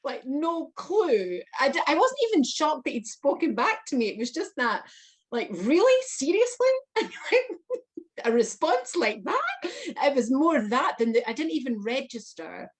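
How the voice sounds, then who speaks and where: Animated woman telling a story. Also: high voice, normal speed. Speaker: guest. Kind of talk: storytelling interview.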